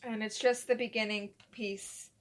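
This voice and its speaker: A young woman co-hosts a casual podcast, telling a rambling story and acting out quotes in a relaxed chat with her partner. Her voice is on the high side and her pace unhurried.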